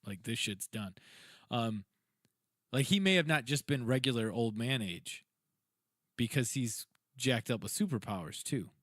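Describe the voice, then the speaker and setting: Male podcast co-host, casual and rambling, middle pitch, dry room. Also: a little slow, dry recording. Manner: rambling, animated storyteller, self-described comic nerd. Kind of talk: casual chat.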